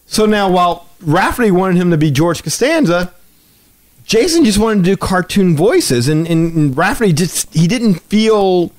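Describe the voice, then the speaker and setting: Animated male podcast storyteller. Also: sits high, moderate pace. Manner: animated storyteller, acts out quotes. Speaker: podcast host. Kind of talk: casual chat, storytelling.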